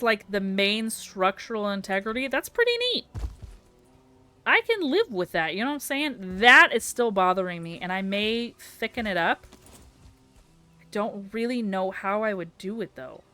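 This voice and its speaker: A young woman with a Southern accent talks her way through a build on a live stream. Her voice is bright and a bit tense, at an ordinary pitch. She chats with viewers, then drops to sleepy muttering while she thinks. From American South. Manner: chatty, giggly, thinks aloud and mutters to herself.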